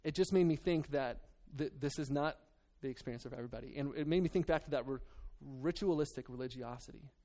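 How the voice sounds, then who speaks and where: A male pastor preaches in an earnest, conversational way, stopping and restarting his thoughts as he goes. His voice sits at an ordinary middle pitch. He moves between reading scripture and talking plainly to his congregation. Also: quick pace, hardly any pauses, dark tone. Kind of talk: sermon.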